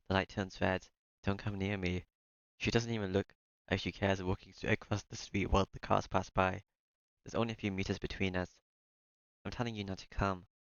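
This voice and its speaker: Low steady guy reading a visual novel out loud w/ little side jokes, smooth voice, kinda dull dry mic. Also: no room sound. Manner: reads first-person narration, breaks off for joking asides. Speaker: let's-play streamer.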